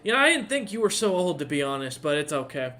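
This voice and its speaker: A man's voice: a little high, sing-song, fast. A man voicing a drunk, boastful old lord who slurs his words in a tabletop game. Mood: boisterous. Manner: loud, slurring, gruff.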